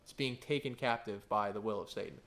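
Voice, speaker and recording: A man in his thirties preaches a sermon that feels like a conversation, telling stories and checking in with "right?" again and again. His voice is on the low side but fairly bright, animated, and fairly quick.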